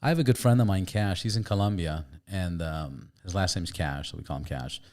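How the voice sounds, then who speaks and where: A man's voice: deep voice, brisk, a little mellow. A man hosting a podcast in a candid, chatty conversation, swearing casually. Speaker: podcast host. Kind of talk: casual chat.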